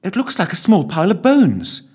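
A man voicing a sharp-eyed young woman who tries to stay calm, in a storybook reading. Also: a little high, moderate pace, pitched above the performer's own voice, close to an everyday voice. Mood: excited.

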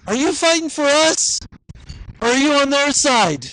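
A man's voice: very high-pitched, lively intonation, measured pace, sharp tone, voice pushed up, heavily acted, rough recording. A man voicing a timid Joshua who asks an angel nervous, sheepish questions. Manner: anxious questioning.

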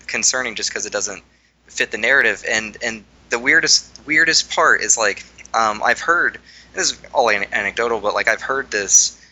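Bright, halting young man chatting politics. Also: on the low side, poor audio. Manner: halting, many fillers and restarts. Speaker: podcast co-host. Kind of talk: casual political chat.

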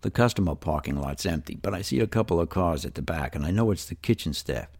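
Older new york guy telling a story, real low gravelly voice, chatty and lively, swings up and down a lot. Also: fast. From New York City. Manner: animated, folksy and conversational. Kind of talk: storytelling narration.

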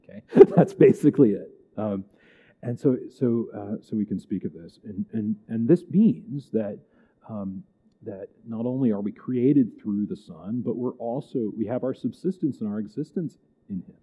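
A man's voice: lowish voice, moderate pace, slightly rough. A man teaching a church catechism class, conversational and digressive, often checking in with "right?" and "okay?". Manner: animated and emphatic, with chuckles. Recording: tinny, phone-like recording.

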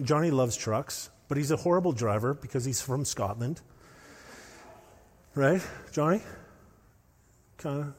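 A man preaching a sermon as pastor, telling stories with animated, rising intensity. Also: mid-range voice. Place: church hall. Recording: long hall reverb.

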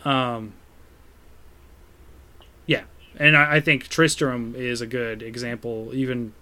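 Guy on a video call, bright crisp voice, chill gaming talk. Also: medium pitch, steady tone, slow pace. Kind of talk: casual gaming chat. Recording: online call, connection glitches.

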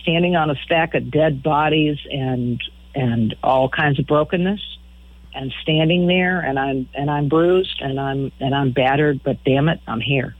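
A woman's voice: low-pitched, measured pace, no echo. A middle-aged woman, a musician guest on a radio interview, telling stories frankly and often repeating words as she talks. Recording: phone-line audio.

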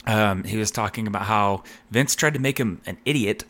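A man's voice: lowish voice, normal speed. A man hosting a podcast, chatting casually and retelling stories with lots of fillers. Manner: animated storytelling, fillers. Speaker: podcast host. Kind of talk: casual chat.

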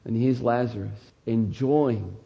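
An animated male preacher delivering a sermon. He reads scripture dramatically and sometimes shouts out the lines he acts out. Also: medium pitch, takes it slowly, vocal fry, lo-fi sound. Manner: shouts dramatically when acting out quotes. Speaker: pastor.

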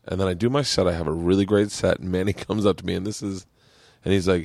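A man's voice: low-pitched, racing, creaky, no echo, studio quality. A man hosting a podcast, telling rambling stories in casual chat and laughing often. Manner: rambling, excitable storyteller who laughs a lot. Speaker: podcast host.

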